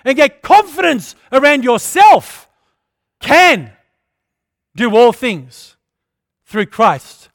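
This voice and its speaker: A man preaching a passionate sermon, rising to loud declarations and dropping to quiet storytelling. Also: extremely high pitch, dry recording, clean studio sound. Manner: impassioned preaching, swinging between loud declarations and hushed storytelling.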